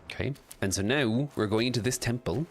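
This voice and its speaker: A man's voice: medium pitch, a little fast, soft background music. A man casually commenting while he plays a video game, chatting about its story lore. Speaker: streamer.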